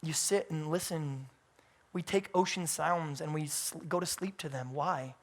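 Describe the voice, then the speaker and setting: A man in his thirties preaching a sermon in church, moving between hushed, intimate passages and loud, emphatic peaks. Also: on the high side, measured pace.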